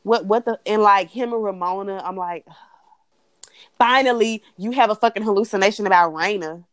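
A young woman co-hosting a casual chat, blunt and animated, swearing freely as she rants. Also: medium pitch, moderate pace, no room sound. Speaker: podcast co-host.

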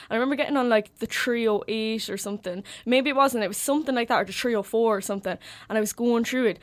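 A young woman with a Carlow Irish accent, hosting a student radio chat and telling stories with lively quoted voices. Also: fairly high pitch, fast talker. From Carlow, Ireland. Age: young adult. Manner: chatty storyteller, animated quoting. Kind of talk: casual chat.

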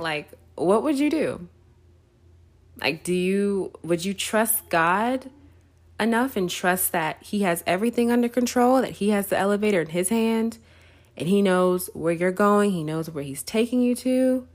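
A woman's voice: mid-range voice, expressive, a little slow. A woman hosting a faith podcast, telling a story in a casual, chatty way, often asking "right?" and laughing. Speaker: podcast host.

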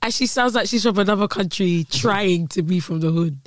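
A woman guest on a podcast, chatting in a lively, opinionated way with slang. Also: mid-range voice, brisk, a crowd in the background. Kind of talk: casual chat.

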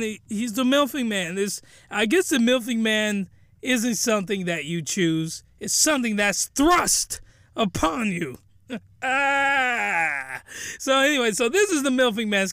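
High-voiced man, jokey rambling anime recapper, dry close sound. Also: bright, forceful tone, clean tone, no echo. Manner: rambling, incredulous, joking. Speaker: anime reviewer.

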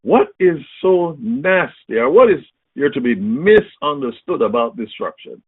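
An older man preaching a fiery sermon, booming and emphatic, calling out questions and answering them himself. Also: big pitch swings, measured pace, slightly rough, no echo. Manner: booming, emphatic, call-and-response. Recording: tinny phone-like sound.

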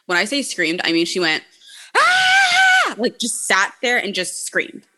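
Bright-voiced woman telling blunt stories. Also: fairly low pitch, moderate pace. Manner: blunt and profane, heavy use of "like". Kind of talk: casual chat, storytelling.

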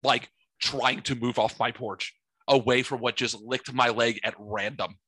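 A man telling a long story in a casual, profane and animated way, acting out his own reactions loudly. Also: medium pitch, a little slow, husky. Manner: animated, profane, theatrical retelling.

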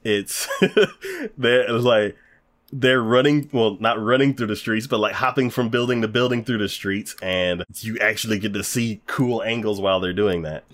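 A man's voice: lowish voice, steady tone, normal speed, fairly bright tone. A man in casual chat reviewing an anime, rambling and hesitant with lots of fillers. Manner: rambling, hesitant, many fillers, laughs often.

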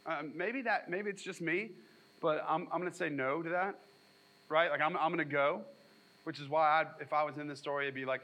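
A man's voice: a little high, fairly quick, low-quality recording. A man preaching a sermon as pastor, reading scripture and retelling it with casual asides and jokes. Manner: animated storytelling with asides and jokes.

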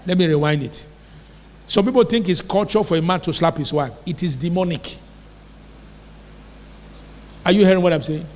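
Preaching with emphatic conviction, a pastor from Nigeria keeps checking whether his congregation has understood him. His voice sits high for a man but has a darkish tone, moving at a moderate pace with long pauses, and the long reverb of a church hall surrounds the sermon.

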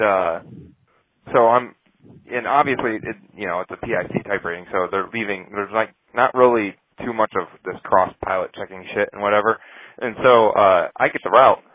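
A man's voice: on the low side, phone-quality sound, slight background noise. A man co-hosting a podcast, telling profane, laughing stories about flying. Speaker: podcast co-host and pilot. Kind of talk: casual storytelling chat.

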